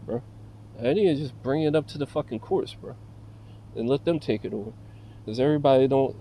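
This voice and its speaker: Male vlogger, dark mellow tone, heated profane rant in a car. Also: on the high side, poor audio. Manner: profane, agitated storytelling, heavy fillers. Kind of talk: casual rant to camera.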